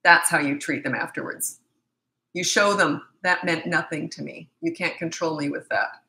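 A middle-aged woman coaching parents with a bright, forceful voice that sits a little low. She talks bluntly and with emphasis, slipping into quick acted exchanges between parent and child. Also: vocal fry, rough recording. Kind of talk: casual advice talk.

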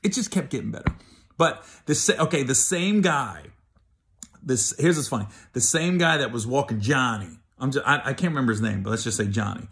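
A man's voice: mid-range voice, fairly bright tone. A middle-aged man telling a comic story, loose and chatty, laughing between bits. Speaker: comedian.

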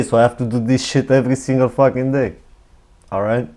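A middle-aged man with a foreign accent reacts casually to a video, swearing freely and laughing between remarks. He speaks at an ordinary pitch and keeps an easy, rambling flow. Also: steady tone, fairly quick, warm tone. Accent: non-native English. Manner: chatty, profane, laughs often.

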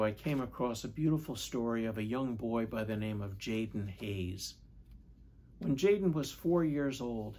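A man, a priest, giving a measured, reflective Sunday homily and asking questions of his listeners. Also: a little high, darkish tone, breathy edge. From United States.

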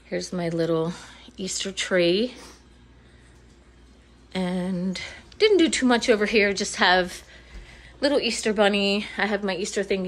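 A woman giving a casual, rambling tour of her home decor, a little out of breath and apologetic, filmed on a handheld phone indoors. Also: lowish voice. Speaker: home vlogger. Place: inside a house.

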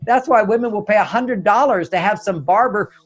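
A man's voice: high-pitched, brisk, dull audio, soft background music. A man as an interview guest, giving relationship advice step by step and acting out example dialogues. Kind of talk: advice explanation in conversation.

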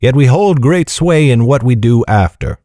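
A man voicing a grave, wise older knight who speaks in a measured, soft way. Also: medium pitch, no room sound, studio quality, close to an everyday voice. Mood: grave, gentle. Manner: measured, calm, soft-spoken.

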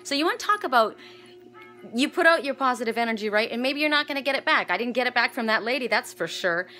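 Gushing, bright-voiced middle-aged woman. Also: on the high side, expressive, fast, faint music behind, low-quality recording. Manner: effusive, rambling, full of restarts and gushing exclamations. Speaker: vlogger and spiritual reader. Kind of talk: casual chat to camera, opening a gift.

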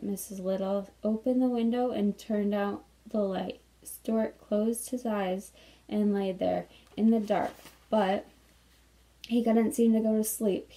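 A woman teacher reading a children's novel aloud to a class in a steady, unhurried way. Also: medium pitch, poor audio.

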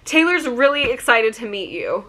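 A woman's voice: a little high, animated, moderate pace, a bit bright. A young woman imitating a cheerful young woman caller on the phone, in a sweet, upbeat voice. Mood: cheery.

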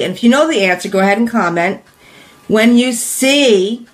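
A woman teaching in a live stream, talking casually with many fillers, asking viewers questions, repeating her points and laughing lightly. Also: fairly high pitch. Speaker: direct sales business coach.

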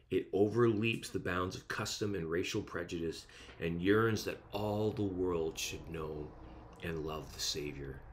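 Male pastor, very low voice, emphatic sermon delivery with repetition. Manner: emphatic, repeats words for stress.

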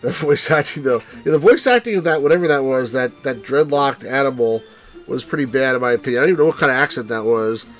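A man's voice: medium pitch, fast talker, soft background music. A man hosting a let's play, rambling and wry as he comments on a game, with the odd swear.

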